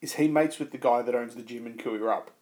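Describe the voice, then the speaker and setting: A man's voice: mid-range voice, fairly quick, darkish tone. A man co-hosting a podcast, teasing his friend with dry jokes and laughing often in casual chat. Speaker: podcast co-host.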